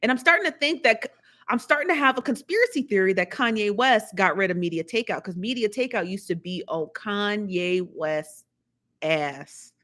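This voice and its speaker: Woman hosting a live stream; casual, chatty, animated commentary with frequent repetition and laughter. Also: medium pitch, brisk. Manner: chatty, animated, repeats herself, laughs often. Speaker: live show host.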